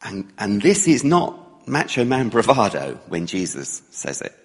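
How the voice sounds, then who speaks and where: A man's voice: lowish voice, big pitch swings, unhurried, breathy edge. A man preaching in a storytelling manner, who acts out the characters' lines as he retells the story. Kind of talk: sermon storytelling. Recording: long hall reverb.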